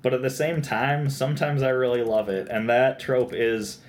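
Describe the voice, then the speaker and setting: A man's voice: mid-range voice, moderate pace, a little hiss or hum. A young man co-hosting a casual podcast chat, talkative and laughing often between filler words. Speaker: podcast co-host. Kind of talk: casual chat about movie tropes.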